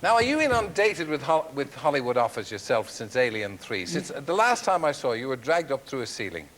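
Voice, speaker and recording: A man's voice: medium pitch, sing-song, brisk, a bit bright. A man hosting a chat show, interviewing guests in a teasing, playful way. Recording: faint hiss on an old TV recording.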